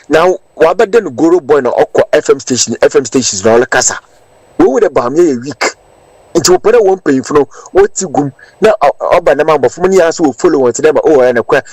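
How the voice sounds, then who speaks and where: A man's voice: fairly high pitch, no room sound, low-quality recording. A man with a Ghanaian accent giving political commentary as a caller, stressing points by repeating words. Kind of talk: political commentary in Twi and English.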